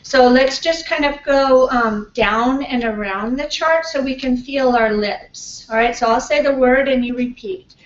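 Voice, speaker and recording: A woman professor teaching pronunciation to a class, modelling sounds slowly and patiently. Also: high voice. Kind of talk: classroom lecture. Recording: far-off, echoey, dull classroom recording.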